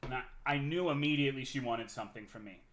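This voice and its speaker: A man's voice: medium pitch, fast talker, fairly bright tone. Profane, rambling male streamer. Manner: profane, rambling, with frequent restarts. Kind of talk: casual storytelling on a live stream.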